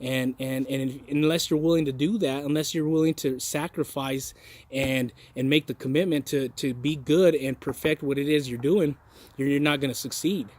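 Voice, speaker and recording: A man's voice: mid-range voice, steady tone, normal speed, darkish tone. A man giving a casual motivational talk to his viewers, folksy and earnest, often restarting and repeating words. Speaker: motivational vlogger.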